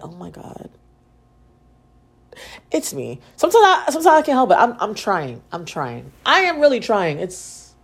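A woman's voice: lowish voice, slightly rough. A young woman, telling stories casually and profanely on her own podcast. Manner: profane, animated, slangy. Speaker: podcast host. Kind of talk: casual solo storytelling.

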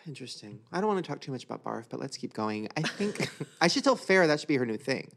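Animated young man telling stories. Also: mid-range voice, a little fast, gravelly. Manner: animated storyteller, does voices. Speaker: podcast host. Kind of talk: casual chat.

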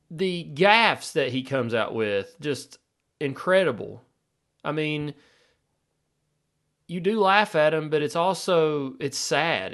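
A man's voice: fairly high pitch, fairly bright tone. Sarcastic ranting podcast host, man. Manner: sarcastic, ranting, rhetorical questions. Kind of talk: opinionated podcast commentary.

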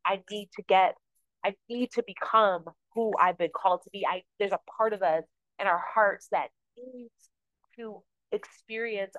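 A woman with a mid-range voice hosts a podcast, speaking earnestly and somewhat ramblingly about her spiritual life in a casual way. The recording is dry and the audio sounds dull.

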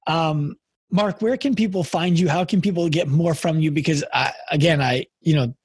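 A man's voice: a little high, normal speed, darkish tone, slightly rough, dry recording. A man in his thirties hosting a podcast, chatting casually and telling a story with frequent restarts. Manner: storytelling, repeats words when starting sentences. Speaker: podcast host. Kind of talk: casual interview chat.

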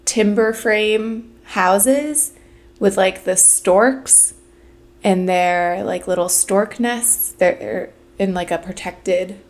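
A woman's voice: mid-range voice, steady tone, extremely slow. A young adult woman co-hosting a casual podcast chat, talking loosely with many fillers. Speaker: podcast co-host.

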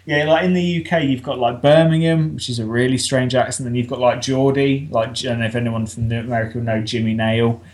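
A man's voice: medium pitch, level tone, quick pace, few pauses, a little mellow, echoey room. A man from England with an East Midlands accent, a podcast guest chatting casually and bluntly, swearing freely as he tells stories. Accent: East Midlands English.

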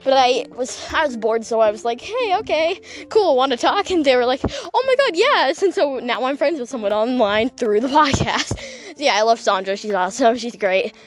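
A woman's voice: a little high, expressive, a little fast. A woman hosting a casual solo podcast, telling a rambling, gossipy story with lots of laughing and self-deprecating, awkward asides. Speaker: podcast host.

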